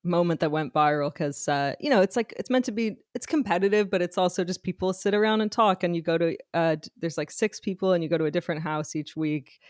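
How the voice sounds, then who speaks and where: A woman's voice: on the low side, fast, hardly any pauses, dry recording, clean studio sound. A woman podcast co-host retelling a story in casual chat, chatty, restarting and hedging mid-sentence.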